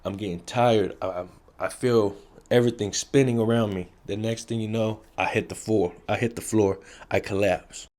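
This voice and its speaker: A man's voice: on the low side, fairly even intonation, normal speed, darkish tone. A man telling a story from his past in blunt, profane street talk, repeating key phrases for effect. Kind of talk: casual street storytelling to camera.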